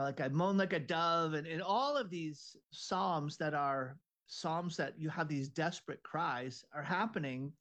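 An earnest man with a somewhat high voice talks things through, feeling his way and restarting his sentences as he goes. He sounds engaged and thoughtful. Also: a bit bright. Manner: earnest, searching, restarts often. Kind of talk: casual conversation.

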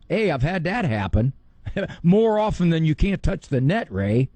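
A middle-aged man, a psychologist, giving a lively talk and often mimicking other people in a higher voice. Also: no echo. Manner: animated, quick to mimic others in a high voice. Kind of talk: talk on parenting and faith.

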